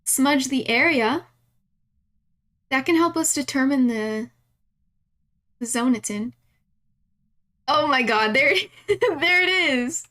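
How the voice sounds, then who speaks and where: A woman's voice: sits high, expressive, takes it slowly, pauses often, pushed and bright. A young woman streaming a horror game, chatty and giggly, talking to herself as she plays. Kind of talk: live gameplay commentary.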